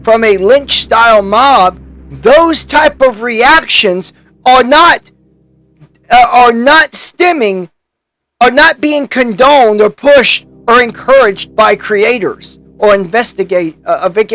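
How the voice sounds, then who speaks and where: A man's voice: extremely high pitch, bright, forceful tone. A man hosting a YouTube commentary, delivering a heated, profane rant full of restarts and angry outbursts.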